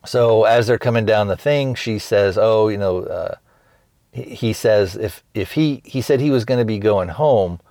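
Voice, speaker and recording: A man's voice: on the low side, a little slow, dark tone, no room sound, studio quality. A man hosting a podcast, retelling scenes in a loose rambling way with many restarts and acted-out quotes. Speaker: podcast host reviewing a film. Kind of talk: casual recap.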